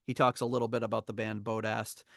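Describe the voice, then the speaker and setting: A man's voice: lowish voice, little pitch movement, fast talker, creaky, fairly bright tone, no room sound, studio quality. A man hosting a podcast, reading from a memoir and telling the story in a rambling, chuckling way. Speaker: podcast host. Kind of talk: casual chat, reading from a memoir.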